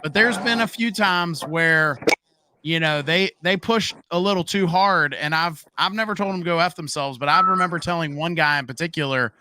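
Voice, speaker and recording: Hesitant male host with a higher, bright voice. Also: moderate pace. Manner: relaxed, hesitant, with fillers, speaks to the chat. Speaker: interview host. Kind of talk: live-streamed interview.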